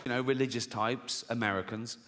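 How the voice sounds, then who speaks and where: A man's voice: medium pitch, fairly even intonation, fairly quick. A middle-aged English comedian doing a stand-up set on a big theatre stage, sardonic and swearing, often laughing at his own jokes. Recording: live concert hall reverb, faint audience noise.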